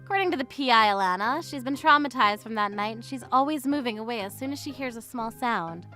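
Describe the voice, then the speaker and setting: A woman narrating a dubbed story in first person as its main character, expressive as she moves between narration and acted scenes. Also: a little high, quick pace, soft background music.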